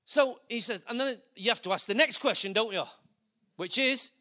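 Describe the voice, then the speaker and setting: A preacher tells a story during his sermon, acting out the dialogue and letting his emotion show plainly. His voice is extremely high, and he keeps a moderate pace while staying animated throughout.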